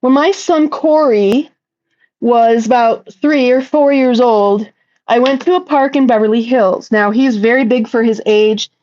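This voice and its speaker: A woman with a fairly high voice chats casually on a livestream, reading out viewer comments and firing back bluntly, with plenty of swearing. Her voice comes through a slightly muffled, lo-fi recording. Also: a little slow, darkish tone. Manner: blunt, profane and talkative.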